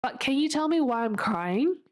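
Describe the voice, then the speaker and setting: A woman voicing an eager, emotional orphan girl who pleads in a high, breathless voice. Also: lively intonation, moderate pace, darkish tone. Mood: tearful joy.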